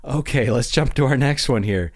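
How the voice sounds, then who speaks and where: A man's voice: mid-range voice, moderate pace. A man hosting a podcast, telling stories in a casual, amused way and acting out the quotes. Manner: animated, amused, acts out quotes. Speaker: podcast host. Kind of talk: casual storytelling.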